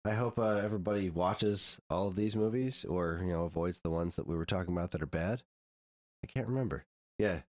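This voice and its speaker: A man hosting a podcast, chatting loosely and filling his pauses with "uh" and "all right". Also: low voice. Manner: loose, wrapping up with fillers. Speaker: podcast host. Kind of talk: casual chat.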